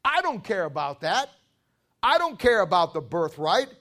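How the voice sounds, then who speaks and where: A preacher voicing a careless, boastful hunter. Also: male voice, high voice, sing-song, normal speed, pushed and bright, full character voice. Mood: dismissive. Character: careless, boastful young hunter brushing off his inheritance.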